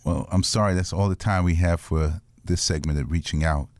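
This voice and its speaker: A man's voice: sits low, steady tone, a little fast, no echo. A man hosting a talk radio show, asking questions plainly and wrapping up the segment.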